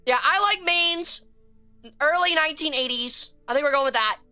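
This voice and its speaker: Excitable woman streamer, high sharp voice, cussing a lot and chatting w viewers. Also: moderate pace, faint music behind. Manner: excitable, swears a lot when frustrated, chats with viewers. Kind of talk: casual live-stream game commentary.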